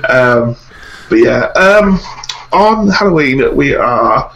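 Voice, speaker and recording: A man's voice: medium pitch, expressive, takes it slowly, vocal fry, fairly bright tone. A man with a blocked-up, nasal voice, co-hosting a podcast in casual chat. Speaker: podcast co-host. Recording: echoey room.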